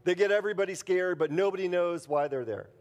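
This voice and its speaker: A man's voice: high voice, fast talker, darkish tone. A man preaching a conversational sermon, mixing scripture reading with jokey everyday stories. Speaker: pastor. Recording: long hall reverb.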